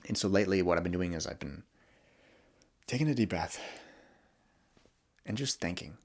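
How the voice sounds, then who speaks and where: A young man hosting a podcast, talking candidly and vulnerably in a reflective monologue, often halting and restarting. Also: low voice, animated, gravelly. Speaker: podcast host.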